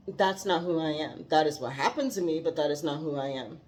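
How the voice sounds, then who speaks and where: A woman's voice: deep voice, a little fast, darkish tone. A woman talking earnestly about faith and growth, heartfelt and given to laughing. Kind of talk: reflective faith talk.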